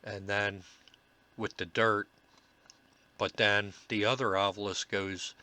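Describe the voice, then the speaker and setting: A man, a paranormal investigator, narrating commentary over his own recordings in a halting, earnest way with many filler pauses. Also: fairly low pitch, flat delivery, pushed and bright.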